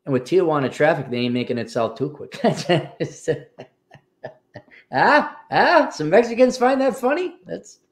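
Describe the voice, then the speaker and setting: A man's voice: a little high, a little slow. A man from the United States hosting a livestream, reading out paid chat messages and answering them in an offhand, wry way. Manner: offhand, wry, lively commentary.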